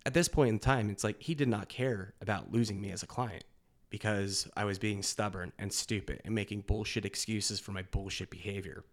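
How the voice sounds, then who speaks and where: A man with a fairly low voice talks as a guest on a podcast in a candid, unfiltered way. He is blunt and swears freely, and he laughs often between his points. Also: a little fast.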